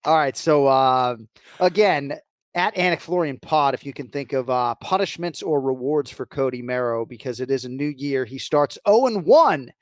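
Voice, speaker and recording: Un hombre con acento estadounidense que co-presenta un podcast, charla informal y bromista. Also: male voice, mid-range voice, normal speed, no echo. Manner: teasing, lively, joking. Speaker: podcast co-host. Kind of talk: casual podcast banter.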